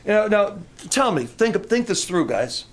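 A man's voice: high voice, very animated, unhurried. A man preaching a conversational sermon with humorous asides and frequent restarts, rising into fervent emphasis.

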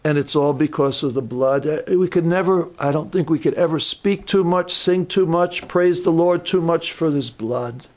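A man preaching a sermon as pastor, telling stories in a relaxed, conversational way. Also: on the high side, normal speed, hardly any pauses.

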